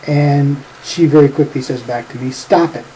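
A man's voice: mid-range voice, fairly even intonation, moderate pace, warm tone, slight background noise, rough recording. A middle-aged man narrating a family anecdote for a home video with a dry, teasing humor, chuckling at his own jokes. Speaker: family storyteller.

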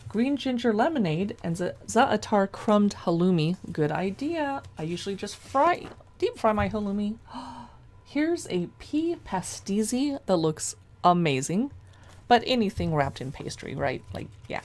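A woman casually flipping through a cookbook, chatty and gushing as she reads dish names aloud, with a gravelly edge to her voice. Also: mid-range voice, very animated, a little slow, a little mellow. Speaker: cookbook reviewer.

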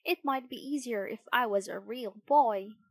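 A woman voicing a mischievous, impulsive puppet boy in a storybook reading, with loud bratty outbursts. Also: on the high side, normal speed, no room sound, clean studio sound. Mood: earnest.

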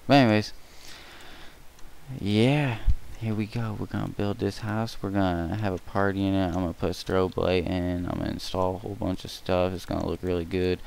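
A young man talks loosely as he builds, a low voice with a gravelly edge. He jokes and rambles without a script, recorded on a cheap mic with a little echo and a faint hiss underneath. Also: steady tone, moderate pace, a little mellow. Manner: goofy, rambling, breaks into silly singing and mock threats. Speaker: gaming tutorial creator. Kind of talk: casual building commentary.

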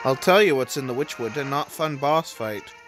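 A man's voice: medium pitch, animated, normal speed, music in the background. A man casually commenting as he plays a video game, rambling and often restarting his sentences. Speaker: let's play host.

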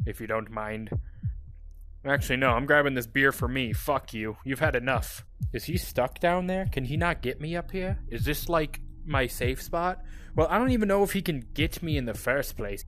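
A young man commenting on a VR game he is playing, joking and swearing, with sudden shrieks and yells when he is chased. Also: medium pitch, slight background noise. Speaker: gaming streamer. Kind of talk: VR gameplay commentary.

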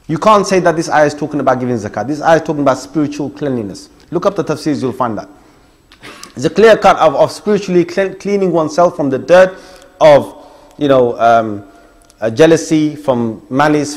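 Emphatic man preaching, fairly high voice. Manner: emphatic, numbers points, challenges listeners. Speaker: Islamic preacher. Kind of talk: religious lecture.

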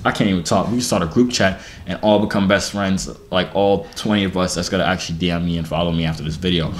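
A man's voice: low-pitched, steady tone, fast talker, a little hiss or hum. A young man in his twenties closing his vlog with a rambling, self-mocking sign-off. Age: 20s. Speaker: YouTuber. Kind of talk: vlog outro.

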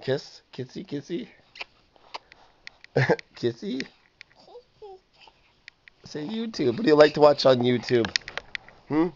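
A father in a home video gently coaxing his toddler, repeating questions and prompts over and over. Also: a little high, big pitch swings, slow, long pauses. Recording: muffled home video with faint noise.

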